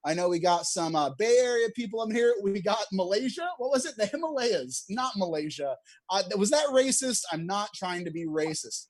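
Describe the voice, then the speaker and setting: Young man, stand-up comic, animated pitch, dry close sound, chuckles at own jokes. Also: normal speed, dry recording. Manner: self-deprecating, laughs at own jokes. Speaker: stand-up comedian. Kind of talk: stand-up comedy set over video call. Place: at home, streamed online.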